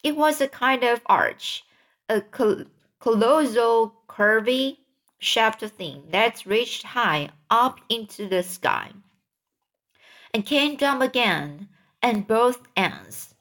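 A woman reads a children's book aloud at a slow, careful pace, tripping over longer words and repeating them. Her voice sits somewhat high. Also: animated, fairly bright tone. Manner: halting, stumbling over words. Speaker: reader.

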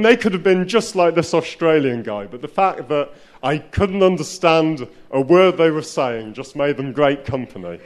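A man's voice: a little high, slight background noise. A man telling a personal story at a live spoken-word night, wry and self-deprecating, often restarting his sentences.

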